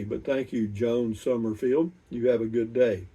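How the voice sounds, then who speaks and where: An older man, reading out viewer comments and chatting about them in an unhurried, rambling way with many restarts. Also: mid-range voice, mellow, husky, far from the mic, highs cut off. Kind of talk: casual chat.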